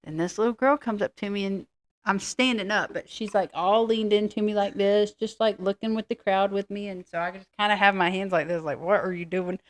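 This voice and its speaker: A woman's voice: medium pitch, steady tone, fairly quick. Chatty middle-aged woman telling stories. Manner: rambling storyteller, self-deprecating. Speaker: co-host. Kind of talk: casual chat.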